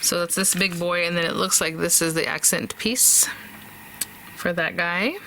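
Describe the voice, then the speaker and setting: A woman's voice: on the low side, fairly even intonation, normal speed, noisy background. A woman hosting a casual crafting tutorial, chatting and thinking aloud as she works, with fillers and small laughs.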